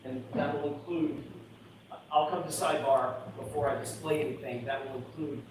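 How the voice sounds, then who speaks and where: A man's voice: on the high side, steady tone, moderate pace, slight background noise. A man, a defense attorney, arguing persistently with the judge in court. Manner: persistent, bargaining. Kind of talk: courtroom argument. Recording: roomy courtroom audio from far off.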